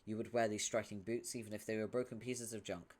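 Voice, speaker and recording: A man's voice: fairly low pitch, flat delivery, fast talker, slight background noise. A man hosting a read-along, narrating a webcomic in a wry, dramatic second-person style. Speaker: host reading a webcomic aloud.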